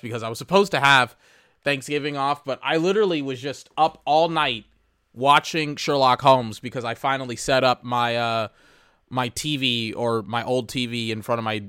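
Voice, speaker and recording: A young man talks into a close mic about his day, ranting with plenty of swearing and sudden shouts. His voice is bright and edgy. The sound is dry and close, with no room around it. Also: medium pitch, clear, resonant tone, dry recording. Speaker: podcast host. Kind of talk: casual solo podcast rant.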